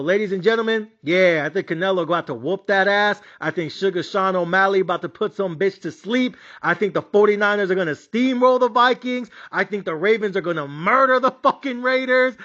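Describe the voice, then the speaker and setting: A man's voice: sits high, a little fast, pushed and bright. A man hosting sports betting picks, talking in a brash, hyped, profane rant, mixing in words. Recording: dull lo-fi sound.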